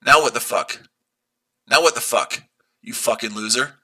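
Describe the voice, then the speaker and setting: A day trader streaming live argues with his chat in a very bright, piercing voice at medium pitch and a moderate pace. He's combative and profane, firing the same rhetorical questions at viewers over and over.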